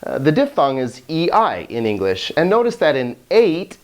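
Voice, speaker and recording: A man teaching Greek in a recorded video lesson, chatty and joking, slowing down to carefully pronounce example words. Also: a little high, sing-song. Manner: chatty, joking, laughs at own puns.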